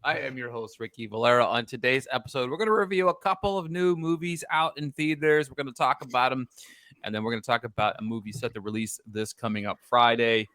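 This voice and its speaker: A man's voice: mid-range voice, fast talker, bright, forceful tone, no room sound, studio quality. A man hosting a podcast in casual chat, rambling and repeating himself. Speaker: podcast host.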